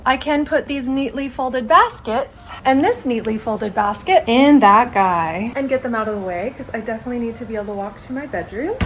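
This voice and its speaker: Brief: young woman, high bright voice, chatty upbeat home vlogger thinking aloud while tidying. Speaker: lifestyle vlogger. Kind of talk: casual thinking-out-loud vlog. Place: apartment room with a loud air conditioner.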